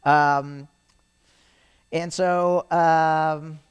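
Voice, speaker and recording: Middle-aged man, guest speaker, rambling animated storyteller, slightly high and smooth voice. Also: drawn-out words. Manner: animated, rambling storyteller who keeps adding "right?". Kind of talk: storytelling interview on stage. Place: event venue with a live audience.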